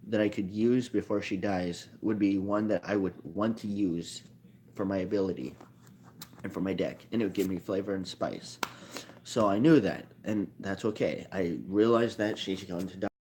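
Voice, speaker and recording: Male video maker with a lower voice, loose unscripted delivery that doubles back on itself and keeps correcting itself. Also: darkish tone, a little hiss or hum. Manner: rambling, self-correcting, thinks aloud. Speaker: card game video maker. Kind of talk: casual explainer monologue.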